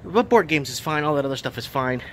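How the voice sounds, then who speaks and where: A man's voice: a little high, expressive, fast talker, fairly bright tone, a little hiss or hum. A man in his thirties, a vlogger and shop owner, rambling and exasperated as he talks casually in his shop under renovation, repeating himself. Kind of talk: casual vlog rant.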